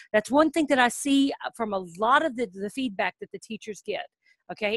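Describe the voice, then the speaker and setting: A middle-aged woman with a fairly high voice talks straight to camera, coaching would-be online English teachers in an upbeat, practical way. She keeps checking in with "okay?", and when she models a word she slows into a drawn-out, exaggerated teacher voice. The sound is close and dry, with no room around it. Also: fairly bright tone, no echo. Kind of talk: casual instructional talk to camera.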